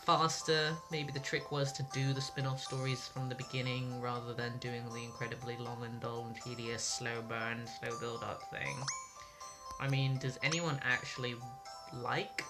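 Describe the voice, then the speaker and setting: Low-voiced sarcastic woman gamer. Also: flat delivery, moderate pace. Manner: sarcastic, swears freely. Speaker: gaming video host. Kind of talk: casual let's-play commentary. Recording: loud game music behind.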